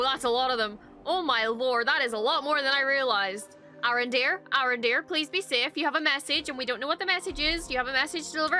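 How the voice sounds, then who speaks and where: Young female reaction host, bright tense tone, excitable and foul-mouthed. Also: sits high. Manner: excitable, exclaims and swears often. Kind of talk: reacting to a TV episode.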